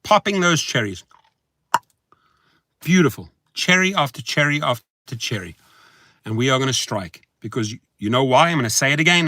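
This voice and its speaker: A man vlogging as a rideshare driver, rambling to his viewers in a sing-song, chanting way that swings between hushed murmurs and excited whoops. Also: medium pitch, normal speed, long pauses, no echo, clean studio sound.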